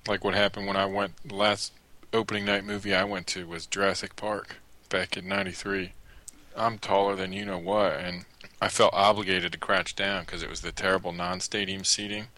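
A man's voice: low voice, little pitch movement, moderate pace, sharp tone. A man in casual podcast chat, answering in short, dry, wry remarks.

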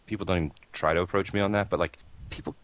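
A man's voice: low-pitched, steady tone, rapid-fire. A man co-hosting a casual chat, blunt and grumbling, swearing freely. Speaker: podcast co-host.

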